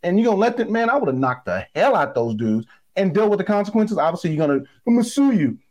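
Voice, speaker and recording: Animated, emphatic former ballplayer, man. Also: high voice, fast, highs cut off. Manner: animated, emphatic and blunt, swears freely. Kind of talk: casual sports talk.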